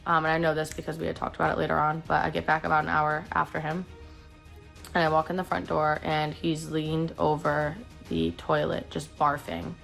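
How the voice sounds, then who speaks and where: A young woman recounting a painful personal story in a halting, emotional way. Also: deep voice, gravelly, fairly bright tone, faint music behind. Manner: halting, full of fillers and restarts, emotional.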